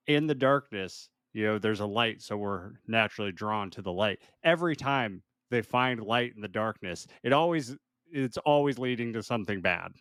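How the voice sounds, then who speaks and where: A man's voice: fairly low pitch, animated, normal speed, a bit bright, clear, resonant tone, no room sound, clean studio sound. A man co-hosting a podcast, casually recapping a movie plot and laughing often. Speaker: podcast co-host.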